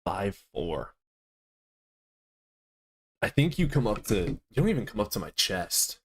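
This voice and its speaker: A man's voice: lowish voice, sing-song, a little slow, breathy edge. A man hosting a live stream, chatting casually with viewers in crude, teasing banter full of swearing.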